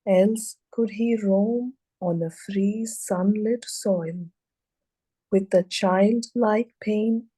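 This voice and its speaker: Slow, mellow woman reading poetry. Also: medium pitch, breathy edge, rough recording. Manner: measured, many pauses between phrases. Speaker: student reader.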